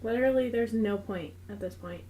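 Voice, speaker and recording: A teenage girl co-hosting a casual podcast, chatting with deadpan, giggly quips. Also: mid-range voice, a little fast. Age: teens. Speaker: podcast co-host. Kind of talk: casual chat.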